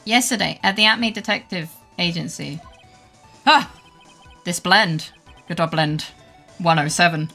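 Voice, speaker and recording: Gravelly bright-voiced woman streamer. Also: fairly low pitch, unhurried, long pauses, soft background music. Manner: playful, sarcastic, swears casually. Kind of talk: casual gameplay commentary.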